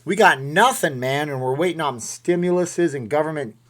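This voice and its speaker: A man's voice: on the high side, normal speed, a bit bright, slight background noise. A man hosting a casual live stream from home, rambling and joking with viewers while talking into a desk microphone in front of a webcam. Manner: chatty, jokey, rambling asides to viewers.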